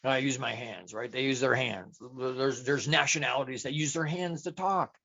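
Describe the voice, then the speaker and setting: A man's voice: mid-range voice, normal speed, pushed and bright, dry recording. A man giving a motivational talk as a life coach, chatty and self-deprecating, who asks rhetorical questions and answers them himself. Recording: dull, dry lo-fi recording.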